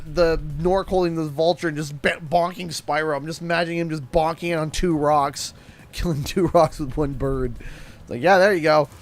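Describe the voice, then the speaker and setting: Giggly high-voiced Canadian man streaming. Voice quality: laughs often, giggly and excitable. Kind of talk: casual gaming livestream chat.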